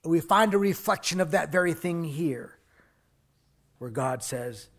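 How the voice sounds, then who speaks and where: A male pastor preaching a sermon, dropping to hushed whispers and then rising to loud, emphatic declarations, and asking the congregation to say lines with him. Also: on the high side, lively intonation, unhurried. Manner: invites the congregation to speak along.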